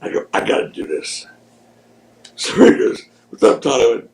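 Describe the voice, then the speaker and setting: Podcast guest, man in his 60s, raspy storyteller, casual and profane, echoey room. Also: mid-range voice, moderate pace, long pauses. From Philadelphia. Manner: animated anecdotes, swears freely. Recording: roomy echo.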